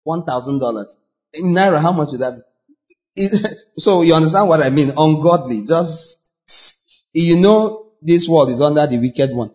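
Nigerian pastor man preaching, high-ish voice, acts stuff out, shouts now and then. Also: normal speed. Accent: Nigerian English. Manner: animated, acts out voices and mocks, sudden shouts. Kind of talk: sermon.

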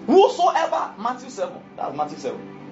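Emphatic preacher with a lively, swinging voice. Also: medium pitch, normal speed, faint music behind. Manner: emphatic, keeps asking the audience questions. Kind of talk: sermon. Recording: dull lo-fi recording.

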